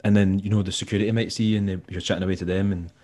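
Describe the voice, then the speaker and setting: A Scottish man, a musician and tour manager, telling stories in a relaxed, rambling way and acting out the people he quotes. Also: sits low, rapid-fire. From Scotland. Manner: rambling, laid-back, acts out quoted dialogue. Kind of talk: casual storytelling interview.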